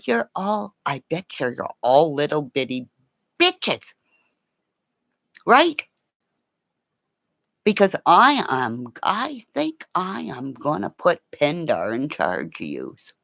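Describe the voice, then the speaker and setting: Signing off a livestream from home, an older woman rambles and cracks crude jokes in casual chat, picked up by her computer mic. Her voice sits low and creaky, with no echo.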